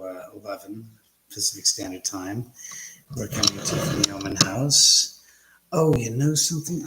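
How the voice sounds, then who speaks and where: A man's voice: mid-range voice, fairly bright tone, reverberant. A man hosting a casual live stream from his home, rambling and greeting viewers by name. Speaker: livestream host. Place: room at home.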